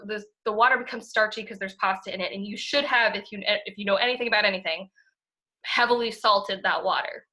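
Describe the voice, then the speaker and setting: A woman's voice: medium pitch, pushed and bright. A young woman chatting enthusiastically as a podcast co-host, full of fillers and the odd swear word. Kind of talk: casual chat.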